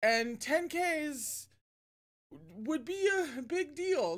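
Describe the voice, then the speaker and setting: A woman hosting a casual livestream, chatting warmly and self-deprecatingly between reading a novel aloud. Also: high voice, sing-song, takes it slowly.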